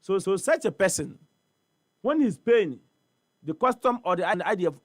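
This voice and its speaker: With a Ghanaian accent and a high, sing-song voice at moderate speed, this man appears as a studio guest on a morning talk show discussing port trade. He is emphatic and repetitive, piling up rhetorical questions in an animated exchange, and the recording is dry.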